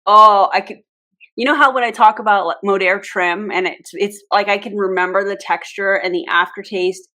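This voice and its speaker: A woman's voice: medium pitch, fairly even intonation, normal speed, pushed and bright. Sarcastic woman laughing through reaction commentary. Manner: sarcastic, laughs often, frank asides. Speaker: channel host reacting to an old clip.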